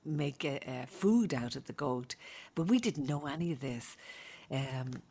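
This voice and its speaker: An Irish woman hosting a podcast, telling childhood stories in an animated, chatty way, often laughing. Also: very deep voice, a little slow, breathy edge. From Ireland. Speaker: podcast host. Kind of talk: casual storytelling.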